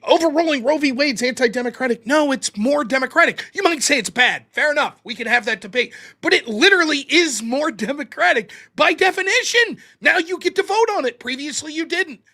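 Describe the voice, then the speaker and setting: Male host, high and bright voice, animated debate recap with mocking asides. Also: brisk, few pauses. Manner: animated, mocking, quotes opponents in put-on voices.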